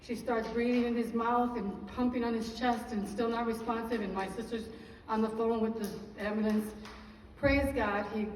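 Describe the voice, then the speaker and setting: Higher-pitched woman, heartfelt church testimony, earnest storyteller, distant mic in a big reverberant hall with faint ambience. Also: little pitch movement, normal speed, slight background noise. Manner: earnest storytelling, praising God between sentences. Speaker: church member giving testimony. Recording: echoey hall from far off.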